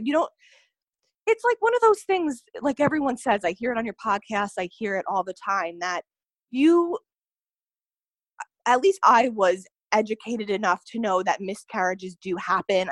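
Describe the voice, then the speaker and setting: As a podcast guest, a young adult woman earnestly relates a personal experience in an expressive, mid-range voice at normal speed. Her telling is full of fillers, especially "like" and "you know," with no room sound behind her.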